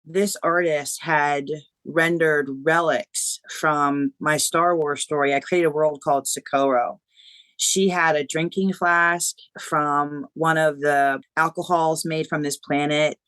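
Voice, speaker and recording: Animated woman author telling a story. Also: deep voice, slow, clear, resonant tone, no room sound. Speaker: guest author. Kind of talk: podcast interview.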